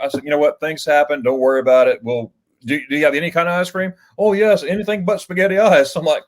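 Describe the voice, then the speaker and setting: A man hosting a casual livestream, talking in a middle pitch. He rambles through stories, restarting his sentences and chuckling as he goes. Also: brisk. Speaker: livestream host.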